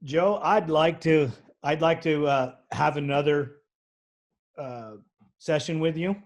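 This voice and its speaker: A man's voice: fairly high pitch, slow pace. A man hosting a podcast interview, easygoing, speaking with hesitant fillers. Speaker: podcast host. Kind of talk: interview host.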